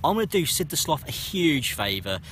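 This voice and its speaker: A man, co-host of a metal detecting vlog, telling mock-excited silly stories out in a field. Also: fairly high pitch, brisk, a little hiss or hum. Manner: lively mock-excited storytelling. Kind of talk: jokey banter. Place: open field outdoors.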